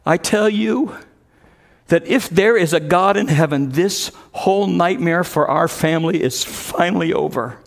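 A man preaching a sermon, telling a story emphatically and growing loud when he quotes others. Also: high-pitched, a little slow, creaky.

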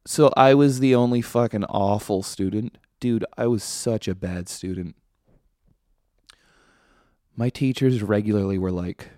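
A man's voice: on the low side, unhurried, long pauses, a little mellow, no room sound, clean studio sound. A man hosting a podcast, delivering a casual comedic monologue in a sardonic, ranting, profane way. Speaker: podcast host.

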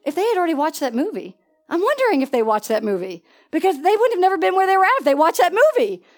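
A woman preaching a sermon in an animated way, with laughing asides and questions to the congregation. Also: very high-pitched, fast talker.

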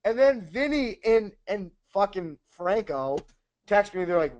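A man's voice: high-pitched, very animated, unhurried, a little mellow. A man co-hosting a podcast in casual chat, telling rambling, profane stories. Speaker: podcast co-host.

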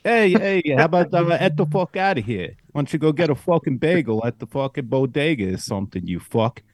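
Shouting and brash, this is a swearing New York street tough, as a man puts on the accent. His voice jumps far above his usual low register, and it sounds dry and close. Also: animated, a little fast, no room sound, close to an everyday voice. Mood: mocking. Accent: put-on New York. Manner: loud, crude, shouty street bluster.

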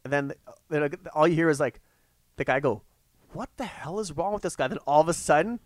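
Quick-talking man, stumbling chatty storyteller. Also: a little high, no room sound. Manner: chatty, halting restarts, acts out quotes. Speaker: podcast co-host. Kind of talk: casual chat.

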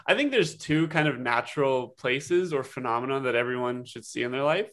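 Guy telling a travel story, excited, mid voice, keeps restarting. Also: mid-range voice, fairly quick. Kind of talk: casual chat.

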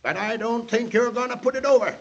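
A duty-bound frontier marshal speaks in a husky, unusually high voice with a folksy drawl. His pitch swings widely, and he comes through the dull sound of an old radio broadcast. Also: fast talker, a bit bright, exaggerated voice. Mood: stern. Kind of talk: 1940s radio acting.

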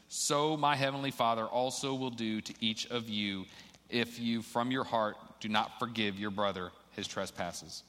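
A man's voice: medium pitch, pushed and bright. A man preaching a sermon in a casual, conversational way, reading scripture aloud and then explaining it to the church. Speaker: pastor. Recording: long hall reverb.

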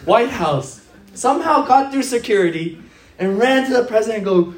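A man's voice: extremely high pitch, moderate pace, reverberant. A middle-aged male pastor preaching a sermon, telling stories and acting out the people in them. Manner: storytelling, animated with acted-out quotes.

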